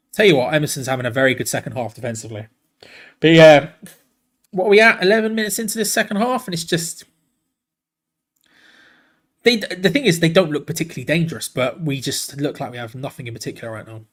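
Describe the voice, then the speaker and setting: A man hosting a live football watch-along. He calls the play excitedly and breaks off to answer viewers in the chat. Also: mid-range voice. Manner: excitable, chatty, jumps between play-by-play and reading comments. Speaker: watch-along host and commentator.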